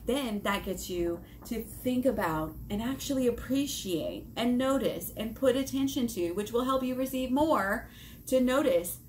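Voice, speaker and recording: A woman talking casually to her viewers in a vlog about self-help, lively, swearing and acting out her own inner dialogue. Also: fairly high pitch, moderate pace, a little hiss or hum. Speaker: vlogger on self-help and shadow work.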